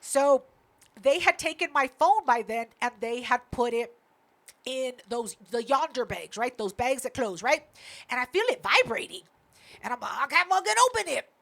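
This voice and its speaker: A young adult woman co-hosting a podcast, telling a story in casual chat, animated and full of swearing, acting out what people said. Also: fairly high pitch, moderate pace. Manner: animated, swears a lot, acts out quotes. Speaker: podcast co-host.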